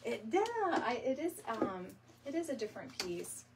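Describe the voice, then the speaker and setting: A woman's voice: fairly high pitch, big pitch swings, normal speed, noisy background. Chatty woman doing a crafts tutorial. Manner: chatty, rambling, says y'all, laughs easily. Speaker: DIY decor video host. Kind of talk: casual craft tutorial chat. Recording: somewhat distant mic with faint room ambience.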